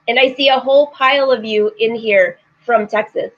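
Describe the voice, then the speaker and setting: Chatty high-voiced woman sewing host. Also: fairly even intonation, moderate pace. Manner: chatty, laughing, reads viewer comments aloud. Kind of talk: casual live-stream chat. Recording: slightly dull lo-fi stream audio.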